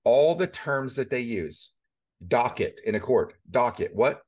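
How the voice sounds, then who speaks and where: A middle-aged man hosting a conversational interview, talking in animated bursts that rise to emphatic peaks. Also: medium pitch, measured pace. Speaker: host.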